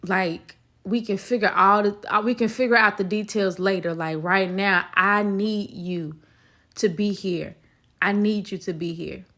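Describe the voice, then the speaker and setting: A friend talking someone down in a low, firm, quiet voice, put on by a woman retelling the moment. She is steady and insistent, slightly lower than the teller's usual voice. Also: unhurried. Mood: firm calming.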